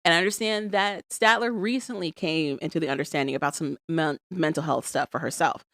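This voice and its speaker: Emphatic low-voiced woman podcast host. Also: brisk, dry recording, clean studio sound. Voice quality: animated, emphatic, exasperated. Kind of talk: casual chat recapping reality TV.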